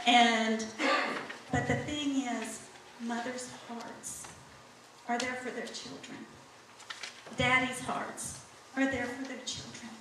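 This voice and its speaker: A middle-aged woman talks slowly and earnestly, giving her testimony to a congregation. Her voice sits a little high and carries from a distance. The sound is very echoey, a sanctuary heard from across the room, with a faint hum behind it. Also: little pitch movement. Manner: slow, earnest, speaks straight to the congregation. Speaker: church member giving testimony. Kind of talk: church testimony. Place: church sanctuary.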